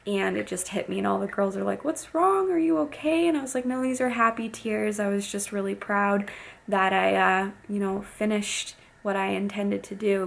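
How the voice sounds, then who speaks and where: A woman speaking in a middle-range voice with a gravelly, fry-tinged texture. She talks casually and candidly to her viewers in a vlog, chatty and open, with easy fillers as she shares how her competition went. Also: medium pitch, a bit bright. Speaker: bikini competitor and fitness coach.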